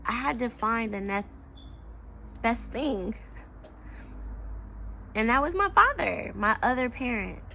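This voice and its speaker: A young woman talking slowly and emotionally in a personal confessional vlog, reflective, with soft pauses. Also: a little high, lively intonation, creaky, slight background noise. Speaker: vlogger.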